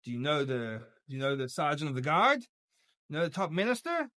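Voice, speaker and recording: A man's voice: a little high, big pitch swings, fairly quick, bright, forceful tone. A man voicing a brash male nobody who keeps name-dropping to get past the guards, in a pushy, boastful way. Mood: indignant.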